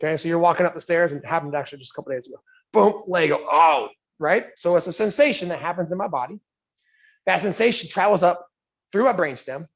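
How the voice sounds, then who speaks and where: A man leading a live coaching workshop in a yoga studio, with a voice that sits a little high for a man. He keeps it conversational, often checks in with "right?", and slips into quick character voices to act out everyday scenes. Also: muffled recording. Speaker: leadership coach.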